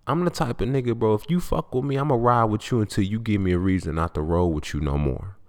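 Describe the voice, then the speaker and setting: A man's voice: lowish voice, quick pace. A man in his twenties hosting a podcast, talking in an unscripted, profane and preachy monologue with blunt storytelling. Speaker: podcast host.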